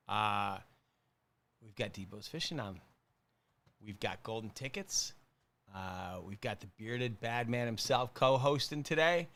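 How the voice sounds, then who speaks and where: A man's voice: lowish voice, unhurried, long pauses, a bit bright. A man in his forties hosting a casual livestream chat, rambling and joking with lots of fillers. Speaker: podcast host.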